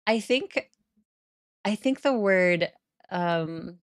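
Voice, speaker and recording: Speaking on the low side with lively intonation, she draws out her words in a dry recording. She streams Sims gameplay, chatting easily with viewers and laughing frequently, and her northern US accent comes close to Canadian.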